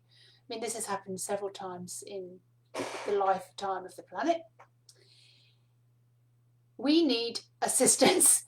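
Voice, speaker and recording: A middle-aged woman hosting a spiritual card reading, speaking softly and meanderingly with fillers and small laughs. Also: mid-range voice, rough recording. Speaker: spiritual card reader and host. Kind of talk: casual spoken teaching to camera.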